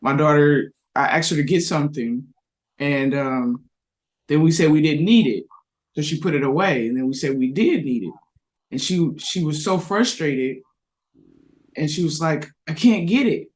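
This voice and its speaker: Higher-voiced man, reflective storyteller. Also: moderate pace. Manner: reflective, restarts, tells anecdotes. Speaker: parent on a discussion panel. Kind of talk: casual discussion.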